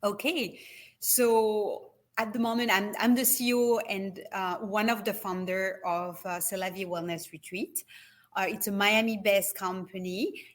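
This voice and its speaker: A woman's voice: medium pitch, steady tone, unhurried. A middle-aged woman with a French accent, talking hesitantly with many fillers as a guest in an interview. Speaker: wellness retreat company CEO, guest. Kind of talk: video call interview.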